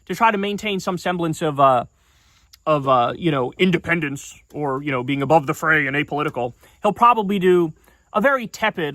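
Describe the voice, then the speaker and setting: A man's voice: fairly high pitch, expressive, brisk, pushed and bright, dry recording. A man giving heated, sarcastic and profane political commentary in a video.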